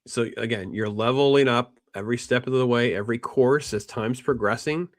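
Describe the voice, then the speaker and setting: A man's voice: medium pitch, moderate pace, dry recording, clean studio sound. Rambling man chatting about a film. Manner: rambling, repeats words, animated quoting. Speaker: podcast host. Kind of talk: casual film discussion.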